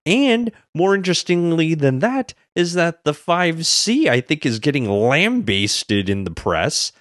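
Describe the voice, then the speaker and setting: A man's voice: on the high side, sing-song, a little slow, fairly bright tone, no room sound, clean studio sound. A man hosting a casual tech podcast, rambling through thoughts with lots of fillers and frequent chuckles.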